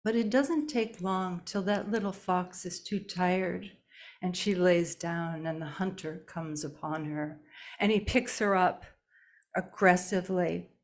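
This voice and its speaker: A woman telling a folk tale live, slow and deliberate with long pauses. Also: on the low side. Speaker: storyteller. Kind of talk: live oral storytelling. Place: storytelling event indoors.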